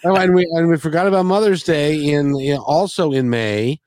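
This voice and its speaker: A man's voice: fairly high pitch, normal speed, darkish tone, no room sound. A man who drives a bus, co-hosting a casual chat, rambling and joking through a rant. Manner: rambling, jokey, ranting. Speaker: podcast co-host, bus driver.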